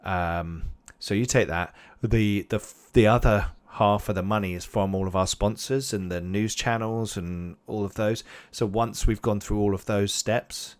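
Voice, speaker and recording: A man with a low voice voicing a nervous, overly polite male alien guide who rambles and hesitates in a tabletop game. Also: steady tone, unhurried, few pauses, smooth, lightly acted. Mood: apologetic.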